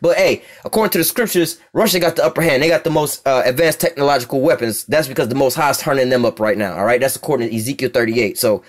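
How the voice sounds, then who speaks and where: A man's voice: mid-range voice, fast, few pauses. An American man preaching, reading scripture aloud and commenting on it in blunt, profane street talk, often checking that listeners follow him. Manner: profane, blunt, keeps asking "you see what I'm saying".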